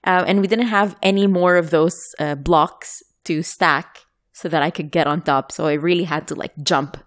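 Woman, from the UAE, casual chat, animated storyteller, frequent laughter, lowish pitch. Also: normal speed. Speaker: guest telling a story.

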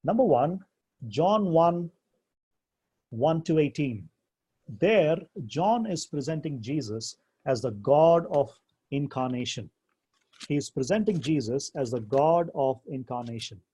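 A man's voice: a little high, lively intonation, dark tone, breathy edge. Emphatic man teaching a theology class. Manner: deliberate, emphatic, slows down when quoting scripture. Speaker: Bible teacher.

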